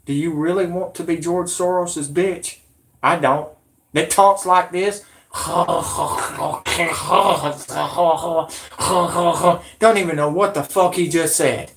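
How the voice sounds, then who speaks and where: A man's voice: high-pitched, steady tone, moderate pace. A man hosting a vlog, ranting in a rambling, indignant way and swearing. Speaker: vlog host.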